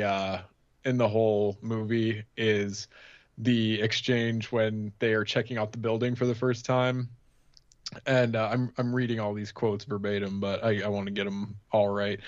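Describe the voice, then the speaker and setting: A man's voice: lowish voice, dry recording. A man co-hosting a casual podcast, talking with enthusiasm and laughing as he recalls favorite film moments. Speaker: podcast co-host. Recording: dull, dry lo-fi sound.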